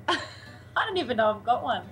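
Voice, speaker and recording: A woman's voice: on the high side, animated, normal speed, fairly bright tone, soft background music, poor audio. A woman from Sydney with an Australian accent, a singer-songwriter talking over a Skype call, bubbly and laughing often. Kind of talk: casual interview over Skype.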